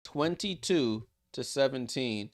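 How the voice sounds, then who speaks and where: Speaking slowly, this streamer hosts a live watchalong, mixing casual commentary with chat asides. His excitable voice climbs on big plays and sinks low and quiet for side comments, and he's chatty, laughing as he addresses viewers.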